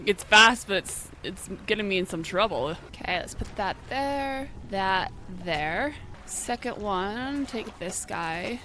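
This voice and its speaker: A young woman with a bright, clear voice gives casual commentary while she plays, thinking out loud and reacting quickly when something startles her. She also reads the game's on-screen text aloud, and a faint hum sits under her voice. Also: medium pitch. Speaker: gaming channel host.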